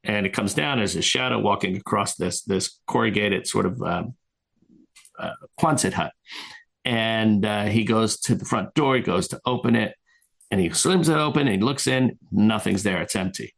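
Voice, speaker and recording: A man's voice: fairly low pitch, moderate pace, vocal fry, a bit bright. A man, a guest filmmaker, telling a long story casually in an interview, retelling scenes with many restarts and fillers.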